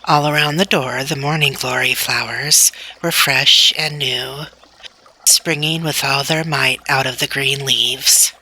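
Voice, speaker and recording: A woman reading a children's novel aloud in a slow, deliberate, gentle way. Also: extremely low pitch, steady tone, slightly rough. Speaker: storybook reader.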